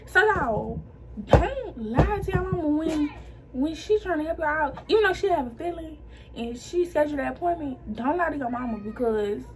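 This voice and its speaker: High-voiced young woman chatting to camera. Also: moderate pace, background noise. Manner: chatty and slangy, addressing viewers as y'all; animated, acting out the people she quotes. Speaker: vlogger telling her life story. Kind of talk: casual storytime chat to camera.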